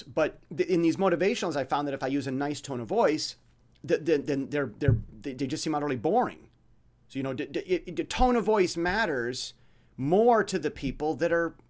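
Male podcast host, blunt and rambling, lots of stammered restarts, pitch swinging widely up and down. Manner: mimics dramatic voices when illustrating points. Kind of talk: rambling monologue.

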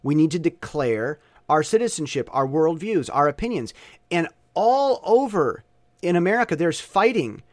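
A man talking in a casual vlog monologue, opinionated and animated, with stop-and-start rambling. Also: on the high side, normal speed, dry recording. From Southern Taiwan. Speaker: vlogger.

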